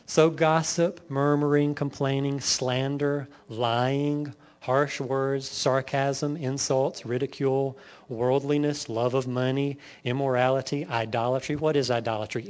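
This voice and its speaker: A man preaching a sermon, firing off lists and rhetorical questions to his congregation. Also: medium pitch. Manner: lively preaching, lists sins in rapid bursts, rhetorical questions. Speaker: pastor.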